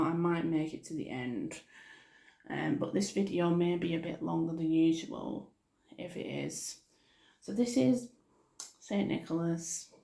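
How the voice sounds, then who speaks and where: A woman reading a poem aloud in a soft-spoken ASMR style, often stumbling over words and apologizing, recorded on a phone. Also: on the low side, vocal fry, reverberant. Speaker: ASMR creator.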